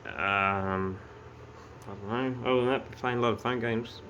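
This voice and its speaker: A man's voice: mid-range voice, fairly even intonation, normal speed, sharp tone, dull audio, slight background noise. A man ranting casually and swearing as he tells a story to camera. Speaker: vlogger.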